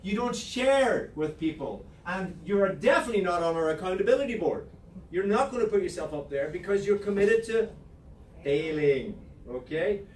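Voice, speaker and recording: Playful Irish team leader, high voice. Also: male voice, lively intonation, normal speed. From Ireland. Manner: playful, sarcastic, teasing the room. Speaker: real estate team leader. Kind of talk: motivational team meeting talk. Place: office meeting room. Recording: echoey room from far off, noisy.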